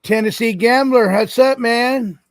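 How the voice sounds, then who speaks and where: A man's voice: very high-pitched, measured pace, dry recording, clean studio sound. A man hosting a live stream, chatting casually and greeting callers by name, often repeating himself. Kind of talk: casual chat.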